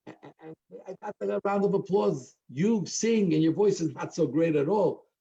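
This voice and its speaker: A man's voice: fairly high pitch, lively intonation, normal speed, vocal fry, dark tone, lo-fi sound, voice pushed up. A man voicing a famous opera tenor in a joke, with a raised, emphatic storytelling voice. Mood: baffled.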